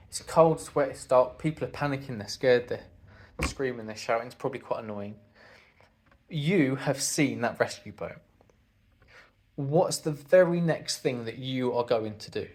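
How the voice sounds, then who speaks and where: A man giving an earnest sermon talk to a congregation, speaking conversationally and asking the listeners rhetorical questions. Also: mid-range voice.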